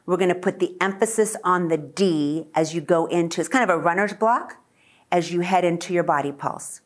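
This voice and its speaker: A woman's voice: on the low side, normal speed. A woman teaching a singing lesson, singing short lines for a student to echo and coaching with encouragement between them.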